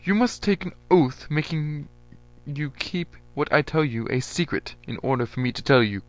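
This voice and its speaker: A man reading a story aloud, voicing a stern military general who barks orders loudly in a raised, higher voice. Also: animated, normal speed, close to an everyday voice. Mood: commanding. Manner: barking orders.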